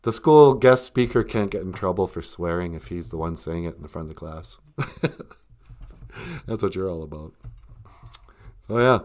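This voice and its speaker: A man's voice: deep voice, moderate pace, long pauses, darkish tone. A man with a Minnesota accent, hosting a live stream in a casual, joking monologue, mocking people with put-on voices.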